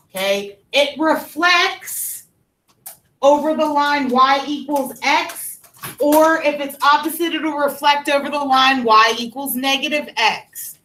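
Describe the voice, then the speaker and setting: Casting: female math teacher, high voice, unhurried, patient step-by-step classroom delivery. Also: sharp tone, low-quality recording. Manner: patient, explains step by step, checks in with "okay". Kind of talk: classroom lecture to students.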